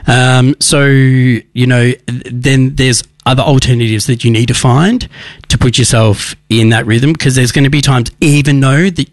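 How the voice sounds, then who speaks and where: A man hosts a talk show, talking earnestly about recovery and tripping over his own sentences as he goes. His voice sits at an ordinary pitch for a man. The recording is dry, with no room sound around him. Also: steady tone, normal speed, no room sound. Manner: earnest, rambling with many restarts. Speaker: radio show host. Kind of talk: casual recovery advice talk.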